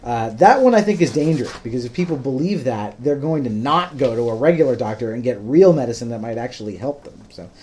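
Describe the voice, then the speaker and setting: A man's voice: medium pitch, animated, quick pace, hardly any pauses, a little mellow. A man hosting a podcast, patiently explaining things in plain words with frequent ums. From United States. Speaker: podcast host. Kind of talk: casual explanatory podcast talk.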